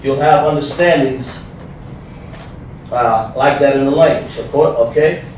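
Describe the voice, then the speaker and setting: A man teaching a livestreamed class, explaining slowly, repeating himself and sounding out letters. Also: mid-range voice, a little mellow, distant mic. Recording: echoey room, voice from off the mic, faint noise.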